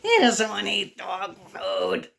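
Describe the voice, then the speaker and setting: Slow-reading woman storyteller. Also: mid-range voice, huge pitch swings, gravelly, fairly bright tone. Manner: engaging, asks the kids questions. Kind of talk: reading a picture book aloud to children.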